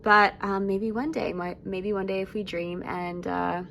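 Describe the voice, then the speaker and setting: A woman's voice: medium pitch, steady tone, measured pace, gravelly, a little hiss or hum, low-quality recording. A young woman doll reviewer chatting casually and gushing to her viewers. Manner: gushing, warm sign-off. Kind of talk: casual vlog chat.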